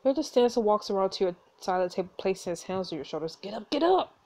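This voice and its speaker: A woman hosting a story game playthrough, reading the text aloud and reacting with animated, outraged asides. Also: mid-range voice, racing. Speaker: gameplay host.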